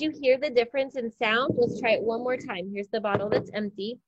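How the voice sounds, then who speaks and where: A woman's voice: on the high side, brisk, highs cut off. A woman teacher leading a science lesson, explaining step by step in an upbeat, encouraging way. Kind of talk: classroom science demonstration.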